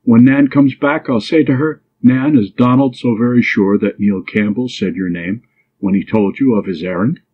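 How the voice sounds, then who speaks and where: A man's voice: mid-range voice, normal speed, close to an everyday voice. A man voicing a bold, teasing young woman in love, speaking pertly and pleadingly in an audiobook. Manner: pert, mischievous, pleading. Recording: dull lo-fi recording.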